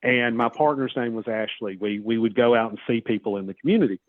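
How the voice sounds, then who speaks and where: A man's voice: quick pace, no echo. A man guest telling a story over a phone call, quoting people in a raised voice. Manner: animated storyteller, acts out quotes in a high voice. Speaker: author guest. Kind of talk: casual storytelling. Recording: tinny phone line.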